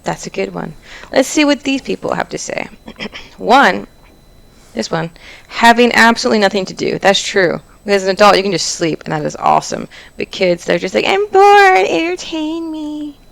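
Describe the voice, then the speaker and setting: A woman's voice: medium pitch, fairly quick, vocal fry, a bit bright, poor audio. A young adult woman hosting a casual chat about online stories, joking and often restarting her sentences. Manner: chatty, joking, with frequent restarts. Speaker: host.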